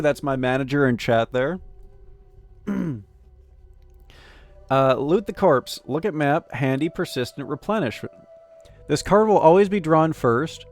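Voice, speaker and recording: A man streaming live, chatting casually and joking as he reads game text and chat messages aloud. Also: medium pitch.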